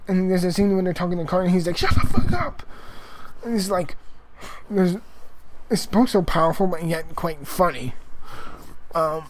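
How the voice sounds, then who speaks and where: In a casual spoken movie review, a man with a slightly high voice for a man rambles loosely, often stopping and restarting. He swears for emphasis, and there's noise in the background.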